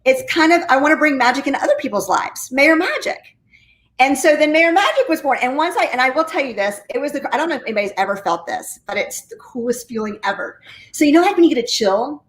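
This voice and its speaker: A woman telling her story as an interview guest, a real estate agent, talking in a high-energy, enthusiastic way. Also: lively intonation, quick pace, fairly bright tone. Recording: roomy echo.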